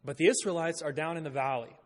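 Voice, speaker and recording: A man with a fairly high-pitched voice preaches quickly in a church sanctuary, reading scripture aloud and explaining it with light humor. The recording carries the long reverb of a church hall.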